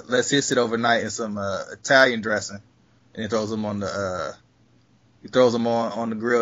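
A man in casual chat, relaxed and talkative, sometimes stumbling over his words. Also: fairly low pitch. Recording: dull lo-fi sound.

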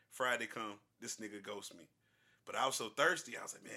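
A man's voice: mid-range voice, fast talker. A man co-hosting a casual talk show, telling profane stories and acting out the people in them. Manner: profane, animated, acts out other people in quoted voices. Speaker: podcast co-host. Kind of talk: casual banter and storytelling.

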